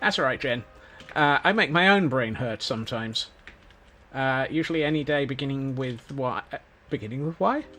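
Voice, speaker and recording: A man's voice: mid-range voice, moderate pace, sharp tone. A Scottish man streaming a game, rambling casually and cracking self-mocking jokes. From Scotland. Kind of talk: casual gameplay commentary. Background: faint background music.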